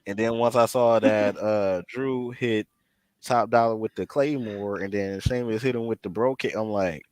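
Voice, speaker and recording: A man co-hosting a podcast in casual chat, an animated, slangy storyteller who repeats himself. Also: lowish voice, moderate pace, dry recording. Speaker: podcast co-host.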